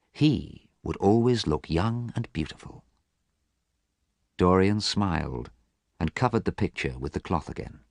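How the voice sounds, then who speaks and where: A man reading a story aloud for English learners in a clear, measured, expressive way, recorded close and dry. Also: low voice, dry recording. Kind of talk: scripted narration.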